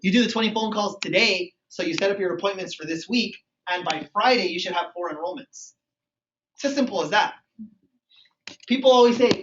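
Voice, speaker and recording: A man leads a motivational sales training, lively and acting out little phone dialogues. His voice sits high, and it comes from across a reverberant meeting room on a dull, muffled recording. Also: a little fast, pauses often. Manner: energetic, acts out phone calls and dialogues. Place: meeting room with a live group. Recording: echoey room, far from mic, dull sound.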